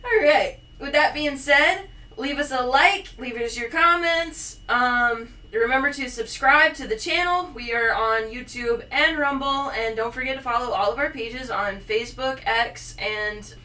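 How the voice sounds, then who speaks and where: A woman co-hosting a casual podcast, chatty and quick to laugh. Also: high voice. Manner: laughs often, chatty and animated. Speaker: podcast co-host. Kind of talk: casual chat. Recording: distant mic with faint noise.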